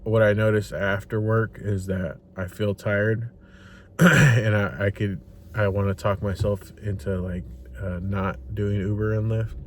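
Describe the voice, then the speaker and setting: Young guy, low voice, tired but animated, swearing while he tells stories from his car; slight background hiss. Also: measured pace. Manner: animated retelling, swears freely, acts out quotes. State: tired after work. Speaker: rideshare driver and vlogger. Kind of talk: casual vlog storytelling. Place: inside a parked car.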